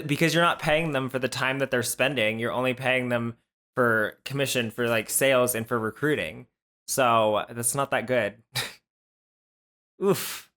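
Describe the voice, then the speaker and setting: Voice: mid-range voice, fairly bright tone. A commentator reacting to clips with sarcastic, incredulous asides.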